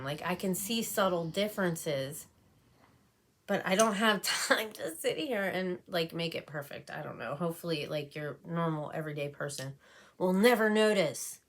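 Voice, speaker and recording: A beauty vlogger with a lowish, expressive voice rambles casually at a moderate pace while doing her makeup, chatty and full of fillers.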